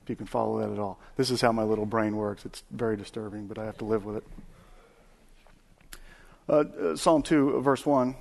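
A man's voice: lowish voice, fairly even intonation, normal speed, vocal fry, pauses often. A man, preaching a folksy sermon with many fillers and restarts.

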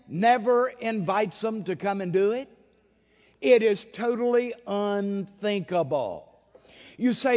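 A man's voice: animated, slow pace. Emphatic preacher man, echoing hall. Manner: emphatic, storytelling, rises to loud high emphasis. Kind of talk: sermon. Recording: dull lo-fi sound with long hall reverb.

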